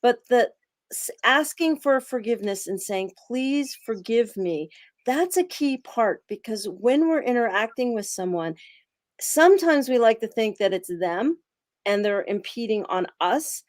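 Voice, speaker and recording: A woman co-hosting a wellness talk, explaining steps in a slow, deliberate way. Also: a little high, animated, no echo, clean studio sound.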